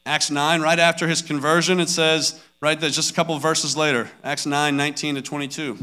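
A man's voice: a little high, little pitch movement, fairly quick, bright, forceful tone, clean tone. A man in his thirties giving a personal devotional talk as a father, telling stories earnestly and acting out family scenes. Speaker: father sharing a devotional message.

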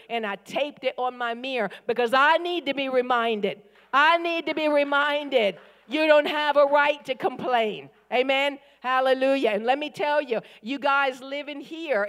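A middle-aged woman preaching a sermon, emphatic and repetitive, calling out for amens. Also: a little high. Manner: emphatic, repeats phrases, calls for amens. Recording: reverberant hall.

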